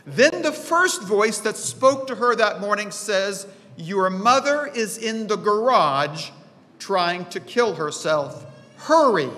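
A man preaches a sermon in a high, bright voice and a slow, measured pace. He tells stories and lifts his pitch to act out the voices in them. The recording carries a long reverb from the church auditorium. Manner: storytelling, acts out quoted voices with rising pitch. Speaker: pastor.

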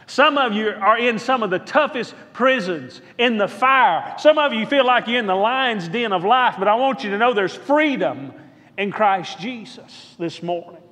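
High-voiced man preaching in a reverberant church. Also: lively intonation, normal speed, pushed and bright. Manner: rhythmic repetition, calls out to the congregation for response. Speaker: pastor. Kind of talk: sermon. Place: church sanctuary.

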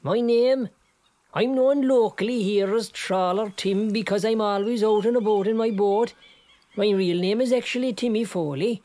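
A mellow, natural mid-range voice at a moderate pace plays a boastful Kerry fisherman for comedy. He spins rambling tall tales in an easy, chatty way and now and then bursts into song.

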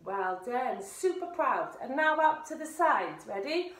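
High, upbeat woman leading exercise. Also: big pitch swings, measured pace, fairly bright tone. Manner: encouraging, with cheery whoops. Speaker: fitness instructor. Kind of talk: leading a seated exercise warm-up. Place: indoor room, seated on a chair. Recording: echoey room.

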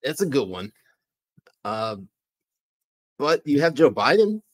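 A man's voice: mid-range voice, sing-song, takes it slowly. A man voicing a polite, baffled Canadian trucker protester with a put-on Canadian accent, forever apologizing. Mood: polite, puzzled. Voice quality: apologetic, keeps saying sorry and eh.

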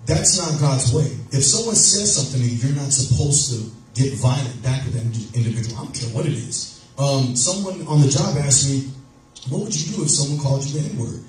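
A man's voice: mid-range voice, darkish tone. A man giving a conversational sermon in a church, laughing often and acting out the voices he quotes. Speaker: preacher. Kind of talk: casual sermon. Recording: echoey and distant, faint music.

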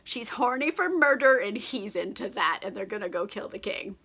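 A woman's voice: medium pitch, expressive, normal speed, pushed and bright, slightly rough. A young woman recapping a play in a casual, tipsy chat, giggling often and filling her talk with "like" as she mock-voices the characters. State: tipsy from wine. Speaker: book vlogger.

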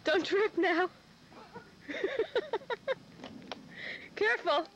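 A woman's voice: very high-pitched, lively intonation, extremely slow, a bit bright, a little hiss or hum, poor audio. A woman filming a home movie outdoors in a town, giggly and teasing, on the camcorder's own mic in 1989. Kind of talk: casual home video chat. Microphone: built-in camcorder mic.

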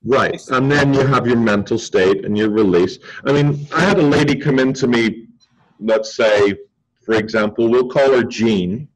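Husky man telling a lively story. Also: medium pitch, normal speed, rough recording. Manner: animated storyteller acting out quotes. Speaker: martial arts instructor, guest. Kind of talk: storytelling in casual chat.

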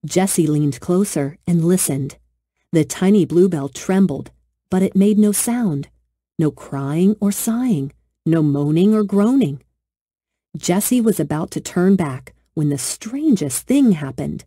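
Low-voiced woman reading a children's story. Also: unhurried, slightly rough, dry recording, studio quality. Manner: gentle, expressive storytelling. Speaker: narrator.

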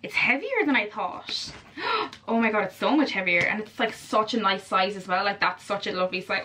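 Gushing, excitable young Irish woman. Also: mid-range voice, a little fast, a little hiss or hum. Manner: gushing, excitable, chatty with many fillers. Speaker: vlogger. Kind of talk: casual vlog chat.

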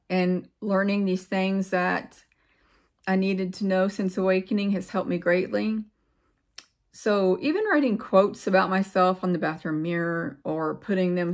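Gravelly-voiced woman vlogger musing aloud. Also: medium pitch. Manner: rambling and reflective, drifting into pauses; earnest, repeats words for emphasis. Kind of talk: casual heartfelt monologue to viewers.

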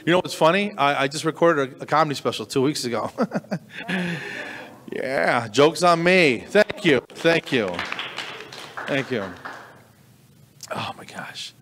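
A middle-aged man performing stand-up comedy, telling a story with animated delivery and sudden high squeaks of disbelief. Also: moderate pace, crowd noise. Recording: long reverberant hall.

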